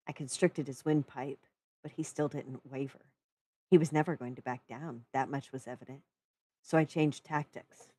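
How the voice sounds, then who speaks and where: Low-voiced woman reading a story. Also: fairly even intonation, normal speed, dark tone, husky. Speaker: story reader on a writing-prompt stream.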